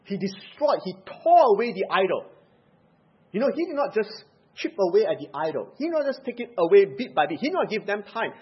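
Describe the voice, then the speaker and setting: A male preacher with a high, lively voice and a husky edge, delivering an emphatic sermon. He swings from loud, pressed stresses to quiet, low asides. The recording sounds dull and lo-fi.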